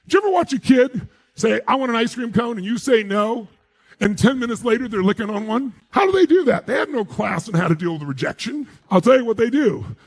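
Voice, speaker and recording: Animated, high-pitched male motivational speaker. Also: brisk, creaky. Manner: emphatic, asks the audience rhetorical questions. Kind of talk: live motivational speech to an audience.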